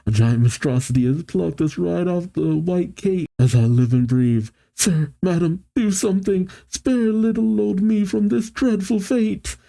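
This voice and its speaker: A man's voice: sits high, measured pace, vocal fry, few pauses, mellow, pitched above the performer's own voice, low-quality recording. A man voicing a panicky, fawning male pirate who pleads in a whiny, theatrical way. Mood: panicked.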